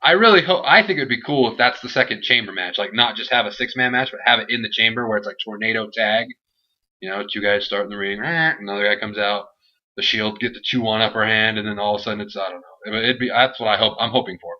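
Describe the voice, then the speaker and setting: A young man reviewing a wrestling show in a casual, animated, rambling and jokey way. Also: lowish voice, fast. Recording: dull lo-fi home recording.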